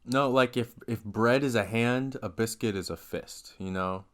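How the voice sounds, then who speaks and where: A young man co-hosts a podcast, his medium-pitched, slightly bright voice moving at a moderate pace. The talk is a casual chat, and his humor is dry and offbeat.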